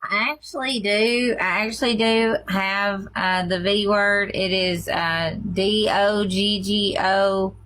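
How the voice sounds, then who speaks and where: A woman's voice: medium pitch, steady tone, slow pace, hardly any pauses, fairly bright tone, a little hiss or hum, rough recording. A woman on a phone live stream, thanking donors and rallying viewers toward a fundraising goal. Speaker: live streamer raising donations. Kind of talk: casual live-stream chat.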